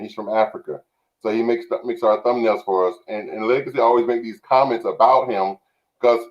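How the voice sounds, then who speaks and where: Measured male host introducing clips. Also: medium pitch, lo-fi sound. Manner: measured, deliberate explaining. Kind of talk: casual chat.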